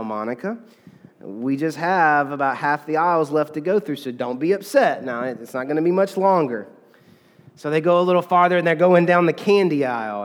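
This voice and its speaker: A pastor with a high-sitting voice and a long reverb tail preaches a sermon in a chatty, conversational way. He often checks in with the congregation, using frequent "okay?" and fillers.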